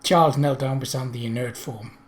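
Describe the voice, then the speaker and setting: A man reading a mystery novel aloud, with measured storytelling narration. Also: medium pitch, fairly even intonation.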